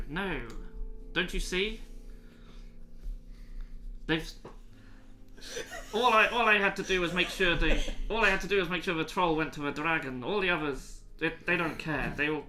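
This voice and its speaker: A man doing a desperate, stuttering traitor guide, shaky Scottish accent, bright tense tone. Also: a little high, normal speed, pauses often, soft background music. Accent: faltering Scottish put-on. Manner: stammering, repeating himself. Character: distraught treacherous male guide, pleading.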